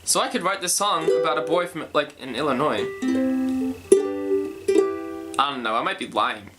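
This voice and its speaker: A man's voice: on the high side, fast, over loud music. Young man thinking aloud about songwriting. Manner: thinking aloud, rambling, self-correcting. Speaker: songwriter explaining his process. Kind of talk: casual songwriting talk.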